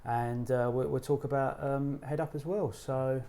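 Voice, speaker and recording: Male host, warm low tone, halting delivery with fillers. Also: fairly even intonation. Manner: hesitant, many ums and repeated words. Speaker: podcast host. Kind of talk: casual interview.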